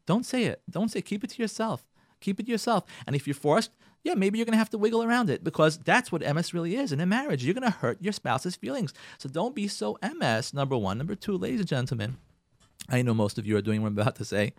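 A man's voice: a little high, big pitch swings, a little fast, dry recording, studio quality. A man hosting a radio talk segment, giving marriage advice in an impassioned, repetitive way with Hebrew and Yiddish terms mixed in. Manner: emphatic, repeats phrases, sprinkles Hebrew and Yiddish terms. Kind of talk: impassioned monologue.

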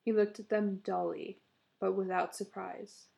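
A woman narrator reading a short story aloud in a steady, measured storytelling manner. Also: mid-range voice, creaky.

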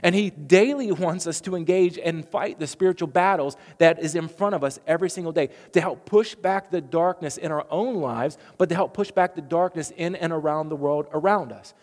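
A man delivers a sermon in a fairly high voice, moving from earnest storytelling into bold proclamation. His words ring out with a long reverb, as if spoken in a big hall. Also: normal speed, hardly any pauses, a little mellow. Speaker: preacher.

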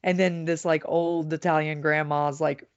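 A woman's voice: low voice, level tone, normal speed, clean tone, dull audio. A woman co-hosting a podcast, chatting casually with lots of fillers and giggles. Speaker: podcast co-host. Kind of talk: casual chat.

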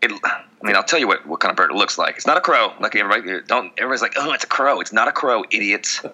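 A hoarse man co-hosting a podcast, chatting casually in a sarcastic, rambling way. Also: fairly low pitch, lively intonation, rapid-fire, bright, forceful tone. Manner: sarcastic, rambling, breaks into sung jingles. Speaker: podcast co-host. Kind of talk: casual joking chat.

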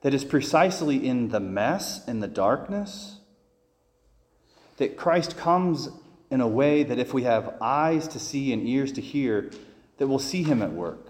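A man's voice: mid-range voice, lively intonation, unhurried, long reverb tail. A man, a priest, delivering a conversational homily full of personal stories, with frequent restarts and fillers.

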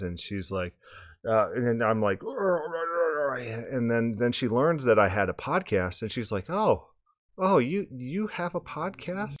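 Guy with a scratchy hoarse voice doing his podcast, kinda low, rambles and restarts a lot. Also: no room sound, studio quality. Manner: rambling, repeats words when restarting. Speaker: podcast host. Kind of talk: casual podcast monologue.

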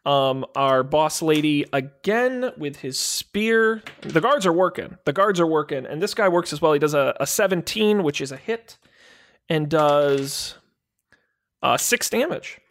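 A man's voice: fairly high pitch, lively intonation, fairly bright tone. A man narrating as game master of a tabletop game, casual and joking. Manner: casual, joking, quick asides.

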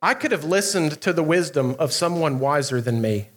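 High-voiced pastor telling a story. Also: male voice. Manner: animated, laughing storyteller with quick asides. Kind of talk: storytelling youth sermon.

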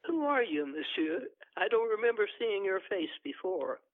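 A man's voice: high-pitched, big pitch swings, normal speed, pitched above the performer's own voice. A man reading aloud voices a suspicious male stranger who questions a newcomer at a secret meeting, asking short, probing questions. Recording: dry, tinny phone line.

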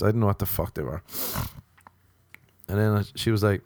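An Irish man, a comedian hosting a podcast, telling a story in a deadpan, monotone manner with casual swearing. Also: deep voice, brisk, creaky, no room sound.

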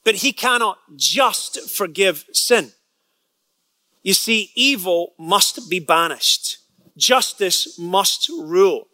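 Bright-voiced man preaching a story sermon. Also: sits high, takes it slowly, dry recording. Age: adult, past college age. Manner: storytelling, repeats words when excited, acts out quotes.

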